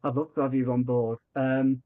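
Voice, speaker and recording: A man's voice: mid-range voice, normal speed. A man telling a story as a podcast guest, acting out the voices in his dialogue and often restarting his sentences. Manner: animated, acts out quoted dialogue, frequent restarts. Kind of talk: conversational storytelling. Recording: tinny phone-like remote line.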